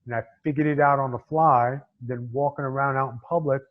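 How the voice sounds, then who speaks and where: A man's voice: medium pitch, steady tone, a little fast. A blunt, streetwise middle-aged man from Staten Island, talking in a thick New York accent. He leans on "you know" constantly and tells his stories straight. The recording is a little dull and lo-fi. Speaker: guest, former pro wrestler. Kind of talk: casual interview chat.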